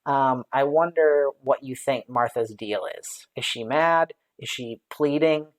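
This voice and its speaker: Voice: medium pitch, measured pace. A Bible study leader on a live stream, thinking aloud with lots of fillers and light laughs, and answering viewer comments as they come in. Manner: reads out viewer comments and responds to them.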